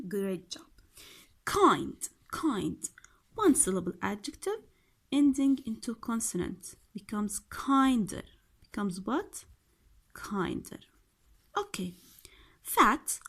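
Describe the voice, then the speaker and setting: A woman teacher with an Arabic accent going through a grammar workbook, repeating each word and answering her own questions. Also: mid-range voice. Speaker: English teacher.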